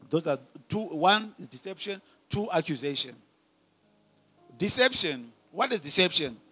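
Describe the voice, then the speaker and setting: A man preaching a sermon as pastor, asking the congregation questions and swelling from quiet teaching to loud calls. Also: fairly high pitch. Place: church hall.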